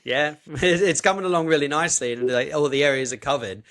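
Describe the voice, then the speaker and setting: A man's voice: on the high side, quick pace, fairly bright tone. A male podcast host, casually chatting and backing up his guest with short replies and laughs. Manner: short backchannels, laughs along. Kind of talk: casual chat.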